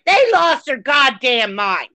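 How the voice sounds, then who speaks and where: Woman podcast co-host, angry swearing rant, bright sharp voice, dry close sound. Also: high-pitched, sing-song, slow, no room sound, poor audio. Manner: furious, swearing, shouting rants; reads a news article aloud.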